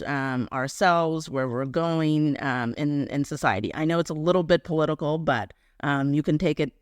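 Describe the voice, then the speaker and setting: Male interview host, fairly high smooth voice, dry close sound, halting questions. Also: dry recording. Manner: halting, many fillers and restarts.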